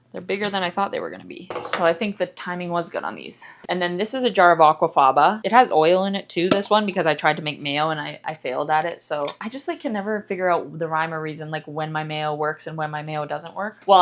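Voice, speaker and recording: A woman's voice: low voice, slight background noise. Playful woman vlogging in her kitchen. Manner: playful, sings nonsense and jokes while cooking. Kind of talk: casual kitchen vlog chat.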